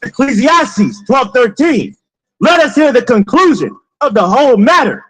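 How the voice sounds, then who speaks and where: A man's voice: extremely high pitch, very animated, measured pace, a bit bright, husky, low-quality recording. A man reading scripture aloud in short phrases on a preacher's cue, repeating lines when asked.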